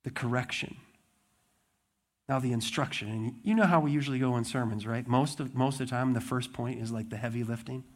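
A man's voice: mid-range voice, brisk. A man preaching a sermon, telling the story with animation and acting out the lines of the people in it. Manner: animated storytelling, acts out voices of the disciples. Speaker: pastor.

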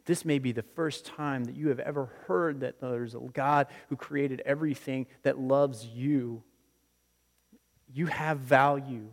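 A man's voice: mid-range voice, steady tone, moderate pace, big-room sound. A male pastor preaching a sermon in a church, conversational and repetitive, often starting with "listen". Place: church sanctuary.

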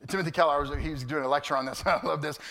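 A man preaching a sermon to his congregation, animated and storytelling, swinging from loud to hushed. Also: a little high, rapid-fire, creaky. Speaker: pastor. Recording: long hall reverb.

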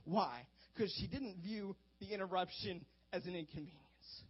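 High-voiced preacher man. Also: normal speed, husky. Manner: animated, swings from hushed to loud. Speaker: pastor. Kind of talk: sermon. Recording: dull lo-fi recording.

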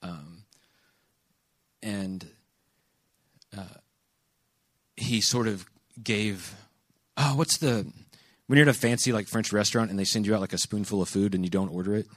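A man's voice: fairly low pitch, a little slow, long pauses, dry recording. A man giving a casual, conversational sermon, telling stories animatedly and acting out quoted lines. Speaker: preacher. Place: venue with a live audience.

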